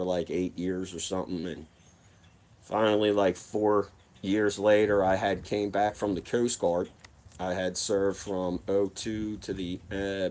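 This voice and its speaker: A man, casually telling a wild personal story. His telling is profane and rambling, full of acted quotes. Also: on the low side. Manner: profane, rambling, animated retelling.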